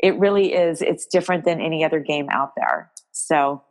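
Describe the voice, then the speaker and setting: A woman's voice: low voice, expressive, moderate pace. A woman guest in an interview, telling a personal story in a rambling, emotional way with many restarts. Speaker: guest, game creator.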